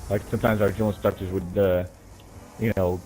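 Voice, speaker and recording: A man's voice: deep voice, little pitch movement, fairly quick, darkish tone, a little hiss or hum, low-quality recording. A man casually telling profane, rambling stories while gaming, often tossing in "right?". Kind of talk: casual storytelling.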